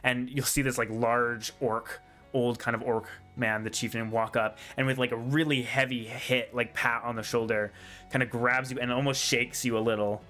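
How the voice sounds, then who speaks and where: A man's voice: medium pitch, level tone, normal speed, bright, forceful tone, soft background music. A man narrating as game master of a tabletop game, rambling with many ums and frequent laughs.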